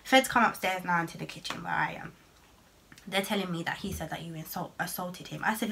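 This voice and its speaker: A young woman tells a heated story to camera. Her voice is bright and sharp, and her slang-heavy talk is full of curses. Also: on the low side, fairly quick, creaky, a little hiss or hum. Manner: animated, swearing, heavy slang. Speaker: vlogger. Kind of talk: storytime vlog.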